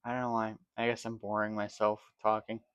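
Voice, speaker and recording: A man's voice: lowish voice, monotone, brisk, fairly bright tone, smooth, dry recording, dull audio. A man casually rambling through gameplay commentary for his channel, yawning and correcting himself as he talks, sleepy with a dry mouth. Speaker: gaming channel host.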